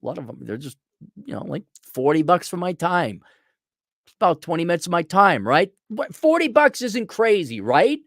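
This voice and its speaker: A middle-aged consultant rants to camera, blunt and exasperated, and swears freely. His voice sits a little higher than most men's. The sound is dry and close, with no room echo. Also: sing-song, a little fast, a bit bright. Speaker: consultant and vlogger. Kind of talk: profane angry rant to camera.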